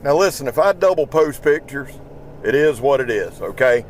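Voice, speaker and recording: A tired Southern man who hosts a YouTube knife channel chats casually while driving his pickup, rambling in a folksy way and swearing freely. His medium-pitched voice is animated at a normal speed, picked up by a small in-truck microphone with a little hiss or hum.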